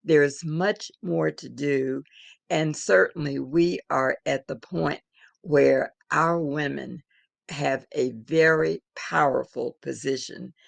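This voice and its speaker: An older woman telling a personal story in an interview, in a measured, reflective way. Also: low-pitched, steady tone, vocal fry, no room sound. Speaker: interviewed elder.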